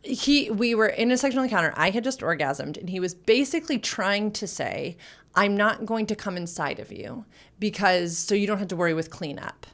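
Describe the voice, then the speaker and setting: On a casual podcast, a sexuality educator with a medium-pitched voice tells a funny story at a moderate pace. She's animated and laughs a lot as she goes.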